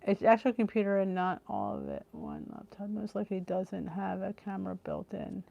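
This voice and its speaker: A woman's voice: medium pitch, normal speed, vocal fry, dull audio. Chatty middle-aged woman on a live stream. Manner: chatty and excitable, gasps and trails off mid-thought. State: tired, yawning from the heat. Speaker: host of a live cooking stream. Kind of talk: casual live-stream chat, reading viewer comments. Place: home, on a video call. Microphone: computer on a video call.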